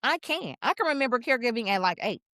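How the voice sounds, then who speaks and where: Brief: woman podcast co-host, bright forceful tone, dry close sound, expressive storyteller who leaps up in pitch to make a point. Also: fast talker, no echo. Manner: animated, expressive, jumps in pitch for emphasis. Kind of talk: casual conversational storytelling.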